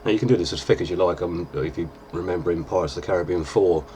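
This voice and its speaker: Deep-voiced man explaining makeup. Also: quick pace, a little hiss or hum. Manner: relaxed, chatty, with fillers. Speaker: lookalike performer giving a tutorial. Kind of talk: casual makeup tutorial.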